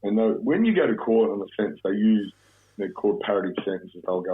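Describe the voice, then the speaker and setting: A man's voice: on the low side, lively intonation, quick pace, breathy edge. A man with an Australian accent telling a rambling, profane story in casual chat, with many restarts. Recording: tinny phone-like audio.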